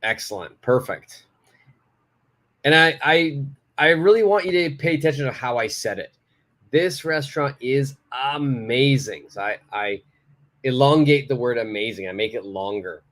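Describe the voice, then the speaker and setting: A man's voice: medium pitch, lively intonation, normal speed, fairly bright tone. A man teaching a beginner English lesson, praising students and stressing key words as he explains. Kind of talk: live online English lesson.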